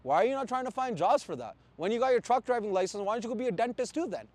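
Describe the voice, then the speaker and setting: A man's voice: very high-pitched, lively intonation, very fast, a little mellow, no echo. A man from Canada, a truck driver, ranting in blunt, profane casual talk with angry outbursts. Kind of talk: heated casual rant.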